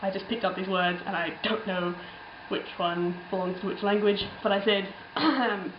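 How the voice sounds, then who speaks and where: A woman's voice: mid-range voice, steady tone, normal speed, roomy sound, dull audio, background noise. A young woman telling a travel story in a casual, rambling way, full of ums and little laughs. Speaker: travel vlogger.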